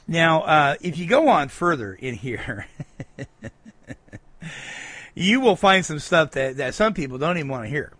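A man's voice: fairly high pitch, a bit bright, slightly rough, no room sound. A man giving an emphatic talk at a recovery meeting, reading quotes aloud and breaking in with rhetorical asides.

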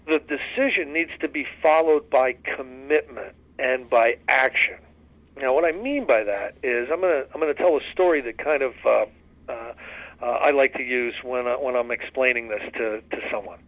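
A man's voice: medium pitch, moderate pace, no room sound, lo-fi sound. A man leading a recovery study discussion in an earnest, folksy way, with many restarts and fillers. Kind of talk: casual spoken study discussion.

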